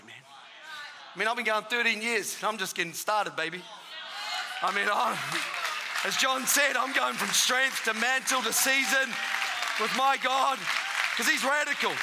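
A man in his thirties preaching and telling his testimony, excitable and bursting into shouts for emphasis. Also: very high voice, noisy background. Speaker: guest preacher giving testimony. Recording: reverberant hall with live audience.

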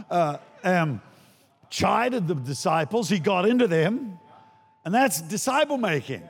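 An older man preaching a sermon as a guest pastor, animated and acting out voices, shouting for emphasis. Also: high-pitched, big-room sound.

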